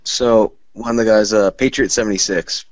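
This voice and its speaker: A man's voice: on the low side, steady tone, normal speed, no echo, rough recording. A man chatting casually, rambling with many fillers and restarts. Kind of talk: casual chat.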